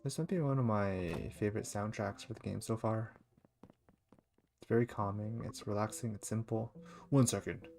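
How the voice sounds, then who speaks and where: A man casually chatting while streaming a game, relaxed and chatty. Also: fairly low pitch, moderate pace, vocal fry, soft background music. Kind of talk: casual gameplay commentary.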